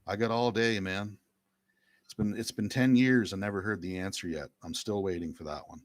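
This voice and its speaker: A man's voice: lowish voice, darkish tone, no room sound. A middle-aged man, talking earnestly and emphatically to viewers, often repeating his phrases. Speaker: speaker giving a talk. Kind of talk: casual monologue to viewers.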